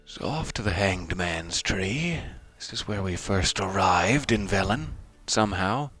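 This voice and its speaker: A man's voice: low-pitched, expressive, measured pace, a bit bright, husky, faint music behind. A man giving casual, chatty commentary while playing a video game, thinking aloud and joking at himself. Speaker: let's play gamer.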